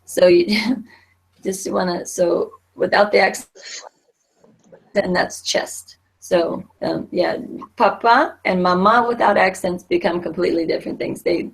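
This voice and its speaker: A woman's voice: fairly low pitch, fairly even intonation, unhurried, creaky, husky. A middle-aged woman teaching a Spanish class, explaining patiently with many fillers and restarts.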